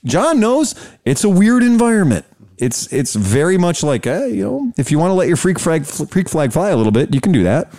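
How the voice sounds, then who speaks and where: A man's voice: a little high, big pitch swings, normal speed, warm tone. A man hosting a casual chat, telling profane stories with a lot of laughter. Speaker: podcast host.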